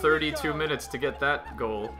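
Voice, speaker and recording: A man's voice: a little high, normal speed. A man casually commentating while he plays an adventure game, chatty and amused. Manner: chatty and amused, laughs often. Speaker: streamer playing the game. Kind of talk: casual commentary over gameplay. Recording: game audio and music behind voice.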